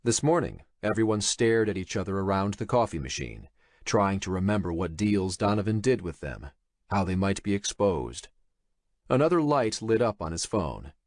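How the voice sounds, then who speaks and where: A male narrator reads a thriller audiobook with a dramatic, expressive delivery. His voice sits fairly low, but his intonation swings widely from phrase to phrase, and the recording is close and completely dry. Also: normal speed, dry recording. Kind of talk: scripted narration.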